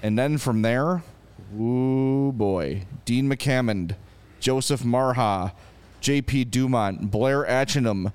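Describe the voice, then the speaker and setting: A married man co-hosting a sports podcast, chatting casually and reeling off player names in lively stories. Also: mid-range voice, slow, smooth. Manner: lively storyteller who rattles off player names. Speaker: podcast co-host.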